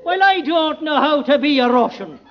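An Irish man in a 1940s radio comedy sketch, stubborn and deadpan. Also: very high voice, normal speed. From Ireland. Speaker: sketch actor. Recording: dull old radio broadcast, faint audience.

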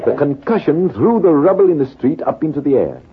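An actor playing a composed British army major telling a war story in a measured, deliberate way, in 1940s radio acting. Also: male voice, a little high, big pitch swings, breathy edge, exaggerated voice. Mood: calm. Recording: tinny, lo-fi old radio broadcast.

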